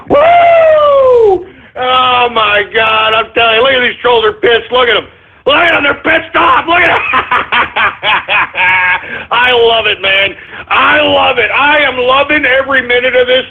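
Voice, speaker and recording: A man hosting an internet radio show, taunting his critics with drawn-out shouts and cackling laughter. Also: extremely high pitch, slightly rough. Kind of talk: gloating call-in radio monologue. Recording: dull lo-fi internet radio sound.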